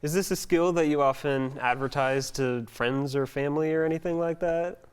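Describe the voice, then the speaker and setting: A man's voice: fairly high pitch, normal speed, smooth. A young man hosting a student talk show, upbeat, with scripted intros and questions. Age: young adult.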